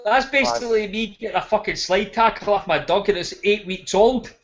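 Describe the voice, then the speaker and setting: A loud, sweary man rants in casual podcast banter, his voice sitting high. The audio is dull and lo-fi. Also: fairly quick. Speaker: podcast co-host. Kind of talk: casual chat.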